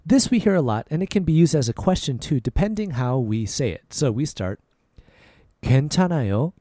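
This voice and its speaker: A man hosting a language-lesson podcast, easygoing and clear, repeating short phrases slowly for learners. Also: fairly high pitch, very animated, mellow, dry recording, clean studio sound. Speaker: Korean language podcast host.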